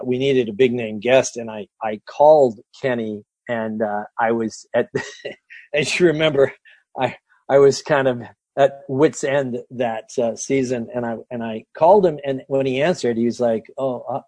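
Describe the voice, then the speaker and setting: A man's voice: medium pitch, dry recording. A middle-aged man from the Seattle area, a former TV host, telling stories as an interview guest with many restarts and acted-out voices. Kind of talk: casual anecdotal storytelling.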